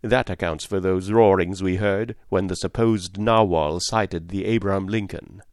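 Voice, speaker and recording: A man's voice: deep voice, fairly even intonation, normal speed, darkish tone, dry recording, studio quality, close to an everyday voice. A man voicing a blunt, hot-tempered male harpooner in an audiobook story. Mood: impatient. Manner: blunt, impatient.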